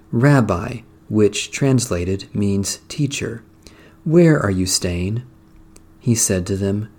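A man reading psalms, prayers and a gospel passage in a measured, solemn, devotional cadence. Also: medium pitch, dark tone. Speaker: prayer reader. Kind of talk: liturgical reading of psalms and scripture.

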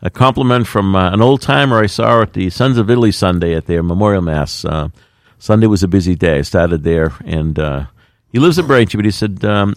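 A man's voice: low-pitched, a little fast, no echo, clean studio sound. A middle-aged man, a mayor speaking in a plainspoken, folksy way with plenty of fillers. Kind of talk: radio interview talk.

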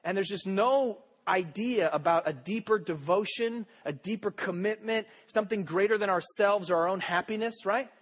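A man's voice: high voice, normal speed, hardly any pauses. A young adult man preaching a sermon, telling joking stories in a rambling way full of fillers. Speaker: pastor.

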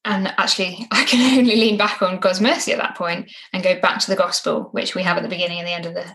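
Woman, lowish voice, earnest, reflective, casual Bible study talk, tag questions. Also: fairly even intonation, quick pace, fairly bright tone, poor audio. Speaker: co-host discussing a Bible passage.

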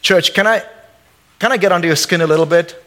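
A pastor preaching a lively sermon in church, acting out quotes and jokes. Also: male voice, high voice, a little fast. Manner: animated, acts out quotes and jokes.

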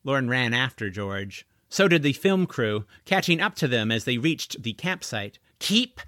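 A man narrating a family novel in expressive storytelling. His voice is bright and full of movement in pitch. The recording is dry and close. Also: measured pace, no room sound. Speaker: audiobook narrator. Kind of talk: scripted narration.

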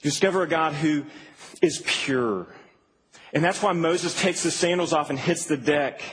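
A man delivers a conversational, animated sermon in a church hall, full of asides. His voice sits fairly high for a man. The long reverb of the hall and a faint background hum surround him. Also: moderate pace. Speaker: preacher.

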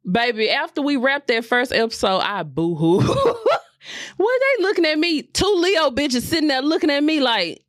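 A woman co-hosting a podcast, chatting loudly and swearing often. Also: high-pitched, moderate pace, dry recording, studio quality. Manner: loud, swears a lot, animated storytelling. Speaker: podcast co-host. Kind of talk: casual chat.

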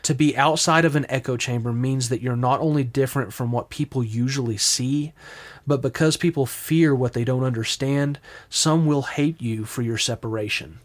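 Reflective man on a faith podcast. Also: medium pitch. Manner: reflective, halting with restarts. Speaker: podcast co-host. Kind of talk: casual Christian podcast discussion.

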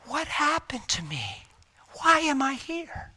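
Man doing a frail wife's voice, high, weak and tearful, just out of a coma, bright tone. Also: wildly swooping pitch, slow, exaggerated voice. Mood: weak, confused.

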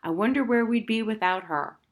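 A woman's voice: a little high, fairly quick, pitched above the performer's own voice, close to an everyday voice. A woman doing an amused father. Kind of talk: audiobook character voice.

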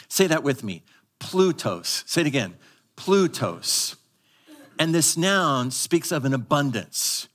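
A male pastor preaching a live sermon to a congregation, teaching emphatically and having the audience repeat words, moving between quick asides and slow stressed phrases. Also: medium pitch, fairly bright tone. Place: church service.

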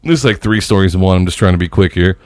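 A man's voice: sits low, racing, darkish tone, no echo, clean studio sound. A man hosting a podcast, telling rambling travel stories in casual chat, swearing freely. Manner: rambling, profane, acts out other people's voices. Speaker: podcast host.

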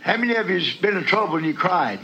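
A man preaching a sermon, going from quiet scripture reading to shouted praise and talking folksy and direct to the congregation. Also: high voice, sing-song, fast talker, a little hiss or hum, low-quality recording. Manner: folksy, talks straight to the congregation.

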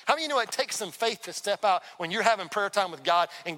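A man preaching a sermon as a pastor in a church, talking conversationally and breaking into quick acted-out dialogues. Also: high-pitched, lively intonation, sharp tone. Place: church sanctuary. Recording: long hall reverb.

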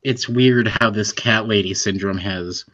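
Male co-host, bright tone, dry muffled recording, playful. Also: on the low side, steady tone, measured pace, no echo. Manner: joking, laughs often. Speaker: podcast co-host. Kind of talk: casual chat. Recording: dull lo-fi sound.

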